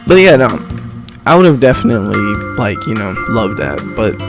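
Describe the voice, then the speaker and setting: A man's voice: on the low side, very animated, moderate pace. A young man streaming live, chatting in a laid-back, rambling, slangy way and laughing often, with music playing behind him. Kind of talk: casual livestream reaction chat.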